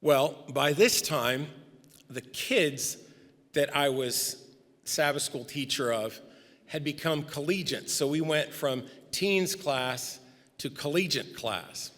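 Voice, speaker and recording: A man's voice: on the high side, takes it slowly. Man telling stories at a memorial. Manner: anecdotal, gently humorous storytelling. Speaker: speaker giving a memorial tribute. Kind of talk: eulogy storytelling. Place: large church sanctuary. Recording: long reverb in a church hall.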